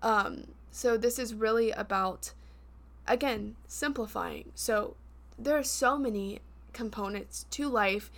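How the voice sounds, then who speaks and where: Woman, young adult, podcast co-host, slightly high voice, playful, laughs a lot. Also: takes it slowly. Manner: giggly, playful, laughs often. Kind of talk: casual chat.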